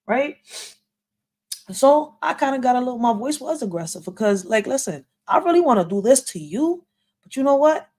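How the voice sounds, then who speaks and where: A woman's voice: a little high, animated, moderate pace, a little mellow. Woman ranting on a live stream, blunt and cussing, lots of yo and like. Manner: blunt, profane, streetwise talk with repeated "yo" and "like". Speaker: livestream host. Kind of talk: casual story time rant to viewers.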